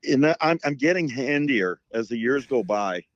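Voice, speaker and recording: A man's voice: medium pitch, expressive, normal speed, no room sound, muffled recording. A middle-aged man and former hockey coach, chatting casually and telling long stories with lots of fillers. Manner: rambling storyteller with many fillers. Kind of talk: casual chat.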